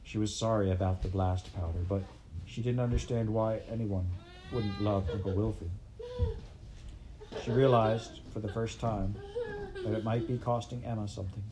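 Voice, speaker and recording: A man reading a children's storybook aloud in a steady, measured way. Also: lowish voice, noisy background. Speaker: audiobook reader. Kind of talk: storybook narration.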